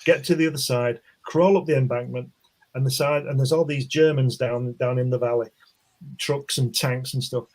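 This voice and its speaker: A man's voice: medium pitch, fairly even intonation, moderate pace, darkish tone. A man casually telling a long war anecdote on an online stream, rambling with restarts and chuckles. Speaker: comic artist guest. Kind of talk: casual storytelling chat. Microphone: online stream call.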